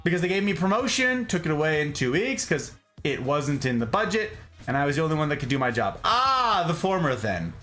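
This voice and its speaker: A man's voice: fairly high pitch, pushed and bright. A man hosting a casual live stream, chatting playfully and greeting viewers by name. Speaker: streamer host. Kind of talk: casual chat reading live chat.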